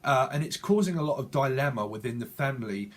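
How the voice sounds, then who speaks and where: A man's voice: medium pitch, expressive, fast talker. A man giving a channeled tarot reading in a rambling, repetitive way, often correcting himself mid-word. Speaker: tarot reader.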